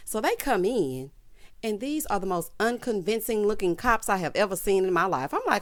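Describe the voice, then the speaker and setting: A woman's voice: mid-range voice, very animated, fairly quick. A woman recapping a TV drama in casual, sassy commentary, acting out the characters' lines in a Southern-tinged style. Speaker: TV recap host.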